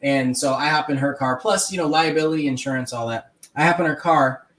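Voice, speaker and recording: A man's voice: a little high, fairly quick, fairly bright tone. A man on a casual chat telling a story in an easygoing way.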